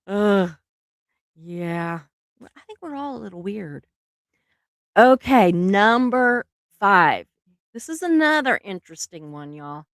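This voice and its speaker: A woman's voice: medium pitch, no echo, clean studio sound. A woman, hosting a casual livestream and chatting with viewers, laughing often and restarting her sentences. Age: 50s. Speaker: livestream host. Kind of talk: casual chat with live viewers.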